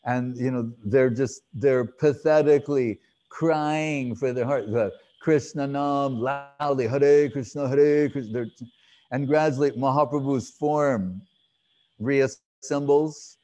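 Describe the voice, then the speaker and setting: A man giving a devotional lecture, telling a sacred story in a slow, reflective way with pauses and fillers. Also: mid-range voice, warm tone. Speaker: speaker giving a spiritual talk.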